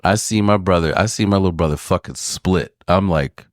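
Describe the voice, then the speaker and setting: Podcast co-host, male, low-pitched, lively and profane storyteller, dry room. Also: brisk, dry recording. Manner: animated, swears freely, acts out voices in his stories. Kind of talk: casual storytelling chat.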